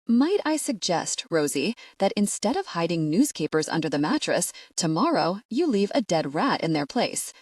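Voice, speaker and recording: A woman's voice: on the low side, normal speed, few pauses, no room sound. A woman voicing a prim, dry-witted older sister in an audiobook. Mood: wry. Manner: prim, deadpan, sardonic.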